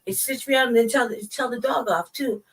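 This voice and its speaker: Animated, profane woman telling stories. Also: a little high, brisk, gravelly, far from the mic, a crowd in the background, low-quality recording. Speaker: podcast co-host. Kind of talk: casual storytelling chat.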